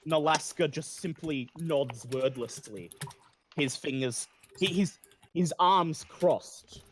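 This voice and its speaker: Man with a slightly high voice narrating. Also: slow pace, slight background noise. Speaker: game master. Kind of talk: narrating a tabletop game.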